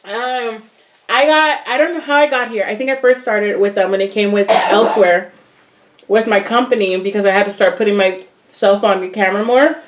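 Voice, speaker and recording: Young woman, bubbly vlogger, laughs a lot, casual eating chat. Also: mid-range voice. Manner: bubbly, laughs often, talks through bites. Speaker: vlogger host.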